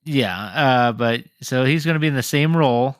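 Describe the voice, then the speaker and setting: A man co-hosting a casual podcast, talking hesitantly with many pauses and restarts. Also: medium pitch, no echo, studio quality. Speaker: podcast co-host. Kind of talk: casual chat.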